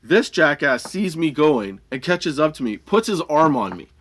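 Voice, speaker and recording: A man's voice: a little high, big pitch swings, normal speed, fairly bright tone. A man hosting a comedy podcast, telling a workplace story in a heated, profane, rambling way, often laughing between lines. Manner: rambling with many restarts and fillers. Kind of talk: casual storytelling monologue.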